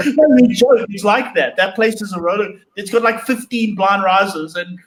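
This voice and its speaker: A man from South Africa co-hosting a video-call interview, full of jokes and quick banter. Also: sits high, a little hiss or hum, rough recording. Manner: jokey, lively banter.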